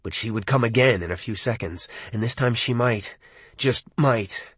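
Husky male audiobook narrator. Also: mid-range voice, normal speed, a bit bright, no echo.

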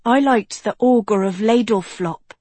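A woman voicing a cheerful, naive young witch who chatters lightly, husky and slow. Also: medium pitch, a little mellow, no echo. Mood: chatty. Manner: chattery, mouth full.

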